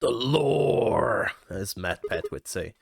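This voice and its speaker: A man's voice: lowish voice, big pitch swings, slow pace, vocal fry, no room sound, studio quality. A man from Canada giving chatty let's-play commentary, laughing often as he reads the game and reacts. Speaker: gaming streamer.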